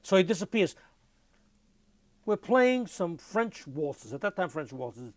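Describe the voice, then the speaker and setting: An older man giving an oral history interview, telling lively anecdotes and mimicking music with his voice. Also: sits high, slow, long pauses, dry recording.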